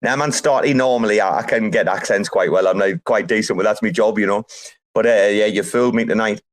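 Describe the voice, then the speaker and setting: A man hosting a casual group chat, talking in an animated, emphatic way and swearing casually. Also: fairly low pitch, brisk. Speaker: host.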